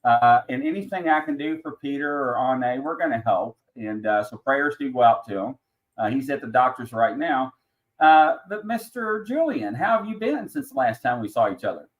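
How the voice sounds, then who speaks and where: A man's voice: mid-range voice, lively intonation, moderate pace, rough recording. A man with a Southern US accent hosting a live-stream talk show, chatting and welcoming viewers by name. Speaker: host.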